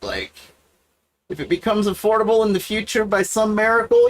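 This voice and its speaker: A man's voice: moderate pace, slight background noise. A man hosting a livestream, talking to camera in a profane, self-mocking, wandering monologue. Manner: wide sudden pitch swings. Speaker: livestream host. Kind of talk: rambling casual monologue.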